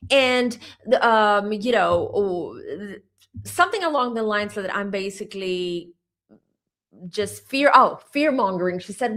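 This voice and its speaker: Woman in her 40s chatting to her viewers, animated storyteller, middle pitch, psychic channel host. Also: a little slow. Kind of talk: casual storytelling to camera.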